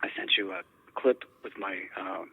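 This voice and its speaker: A man's voice: sits low, moderate pace, husky. A man being interviewed about paranormal recordings, speaking in a rambling way, with frequent restarts and repeated words. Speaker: interview guest, paranormal investigator. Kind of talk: conversational interview. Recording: tinny phone-like line.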